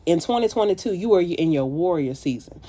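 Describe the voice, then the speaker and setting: Her voice is fairly low and mellow, brisk, with lively intonation as she streams live. The speaker, a makeup artist, gives her followers a profane, blunt, preachy pep talk, calling them baby and child.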